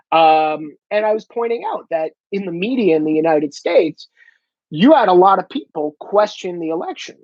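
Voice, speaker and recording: A man's voice: sits high, animated, moderate pace, a little mellow, no echo. Guy ranting on his vlog, cusses a lot, dull dry audio. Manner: blunt, swearing, switches into mocking impressions. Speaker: vlogger. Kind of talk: casual profane monologue.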